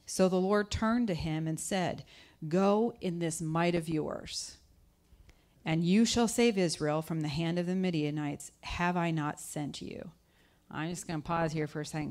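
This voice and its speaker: Woman preaching casually, slightly low voice, throws questions at the crowd. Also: fairly even intonation, moderate pace, darkish tone. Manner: conversational, asks the audience questions; acts out scripture voices with pitch jumps. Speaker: guest speaker. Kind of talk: conversational sermon.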